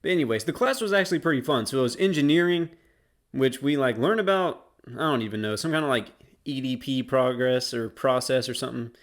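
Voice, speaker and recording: A man's voice: medium pitch, fairly quick. A young man casually telling a school story as a YouTuber, slangy and rambling. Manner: slangy, rambling, laid-back.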